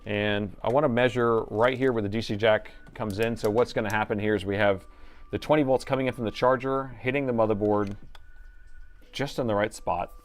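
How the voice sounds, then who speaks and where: This middle-aged man has a lowish voice with fairly even intonation, speaking a little fast. On his workshop laptop repair live stream he rambles, jokes, thinks aloud and slips into an announcer's voice at times.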